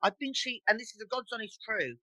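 A guest with a Black Country accent chatting warmly in a casual interview, often slipping into broad local voices. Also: male voice, high-pitched, expressive, brisk, dry recording, poor audio. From Black Country, England. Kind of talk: casual chat.

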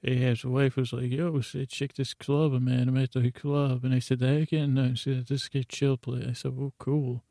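A man hosting a bedtime podcast, telling a meandering, drowsy run of offbeat listener shout-outs. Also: mid-range voice, flat delivery, moderate pace, vocal fry, few pauses, no room sound. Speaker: podcast host. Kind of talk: rambling bedtime podcast storytelling.

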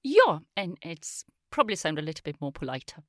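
A woman's voice: deep voice, sing-song, brisk, no echo, studio quality. A woman teaching in a lesson chat, explaining patiently with a playful touch. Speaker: Swedish teacher.

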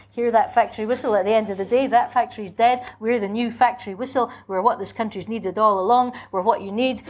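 A woman's voice: mid-range voice, a little mellow, close to an everyday voice. A woman reading as a cynical chorus of political manipulators, chanting demand after demand in a relentless, driving manner. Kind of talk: dramatic literary reading.

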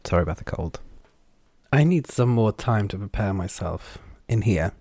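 Man reading a blunt, teasing woman healer in a fantasy audiobook, low and dry. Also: animated, moderate pace, warm tone, slightly rough, dry recording. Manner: wry, blunt, mischievous.

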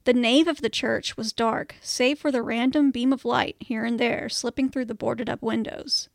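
A woman podcast co-host reading a comic story aloud, animated and swearing casually. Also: a little high, normal speed, vocal fry, dry recording, clean studio sound.

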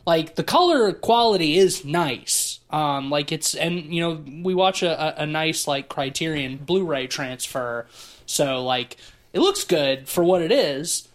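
A man's voice: on the high side, animated, unhurried. A man co-hosting a podcast, chatting casually about an old movie and filling his sentences with "like". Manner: rambling, heavy use of "like". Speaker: podcast co-host.

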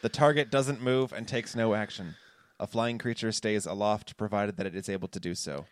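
A man's voice: lowish voice, no room sound, clean studio sound. A man taking part in a tabletop game as a player, joking and playful. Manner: playful and jokey, quick to laugh.

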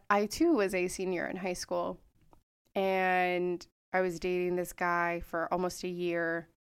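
A young woman co-hosting a casual podcast chat, quick to react and chime in. Her voice sits a little low for a woman. She tells her own story in an easy, conversational way. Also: clean tone. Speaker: podcast co-host.

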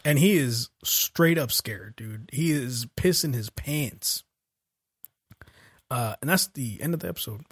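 A man on a casual podcast mic, telling a story with big swings in his pitch. He jumps into the characters' lines and swears freely as he recaps, loose and joking the whole time. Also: expressive, a little slow, husky. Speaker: podcast host recapping an anime. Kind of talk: casual comedic podcast chat.

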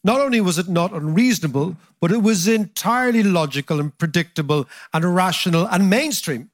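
Podcast host guy, kinda high voice, animated storyteller, dead dry mic sound. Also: brisk, dry recording. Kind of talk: conversational interview.

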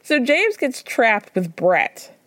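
A woman's voice: a little high, very animated, takes it slowly, a bit bright, no echo, clean studio sound. A woman hosting a casual solo recap podcast, chatty and gossipy, talking bluntly and acting out what others said. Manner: chatty and gossipy, acts out quotes. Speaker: podcast host.

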